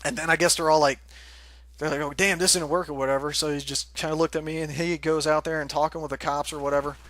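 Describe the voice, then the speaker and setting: A man's voice: on the high side, little pitch movement, quick pace, fairly bright tone, no echo. A young man casually telling a rambling story, laughing often and swearing freely. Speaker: forum moderator telling a story.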